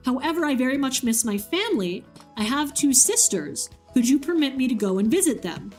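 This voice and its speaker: A woman's voice: high voice, sing-song, a little fast, a little mellow, soft background music. A woman voicing a polite young bride who rambles as she asks to see her family. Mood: pleading.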